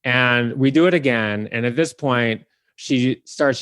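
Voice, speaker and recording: A man from the Detroit area hosting a podcast and telling a lively story, acting out the people in it. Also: medium pitch, a little slow, clear, resonant tone, no room sound. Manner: animated, acts out the people in his story. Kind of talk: casual storytelling.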